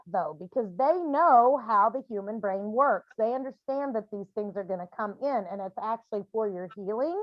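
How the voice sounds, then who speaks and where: A woman's voice: fairly high pitch, no echo, dull audio. A woman who works as a medium, talking casually and with energy as she leads a grief support call, acting out scenes in other voices. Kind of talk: casual video call counselling. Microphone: video call.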